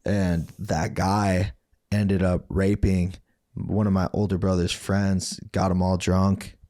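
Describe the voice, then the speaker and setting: A man's voice: low voice, level tone, slow pace, dark tone, no echo, clean studio sound. A young adult man, a podcast guest, telling his story in a rambling, profane way and acting out the people he quotes. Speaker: podcast guest, former fighter. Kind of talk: candid storytelling interview.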